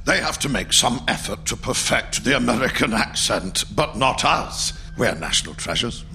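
A grand, theatrical elderly actor who drawls "darling" at everyone, played by a man, with a gravelly texture and lively, swooping delivery. His speech is pompous and showy, like a comedy sketch impression. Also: mid-range voice, normal speed, a little hiss or hum, heavily acted.

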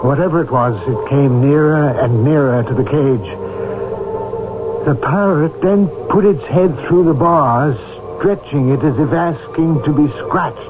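An actor playing a calm, rational priest in a radio drama, speaking in a measured, earnest way. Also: male voice, a little high, noisy background, lightly acted. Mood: uneasy. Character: calm, rational middle-aged male priest. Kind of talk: 1960s radio drama acting. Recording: tinny phone-like old radio audio with loud music.

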